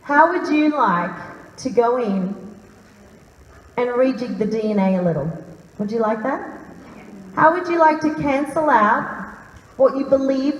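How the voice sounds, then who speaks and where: A woman calmly guiding a live audience through a breathing meditation in a large hall, speaking slowly and soothingly. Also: fairly high pitch, slight background noise. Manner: calm, slow and soothing. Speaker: workshop leader. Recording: roomy hall reverb, faint ambience.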